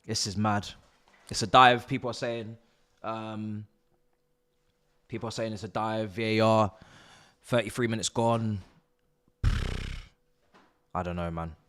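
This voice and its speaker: A young man hosting a live football watch-along, excitable and swearing, shouting at the players. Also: lowish voice, measured pace, pauses often, smooth. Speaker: live stream host.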